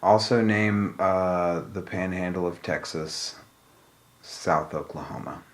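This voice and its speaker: A man co-hosting a podcast in casual chat, laid-back, agreeable and quick with jokes. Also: deep voice. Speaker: podcast co-host.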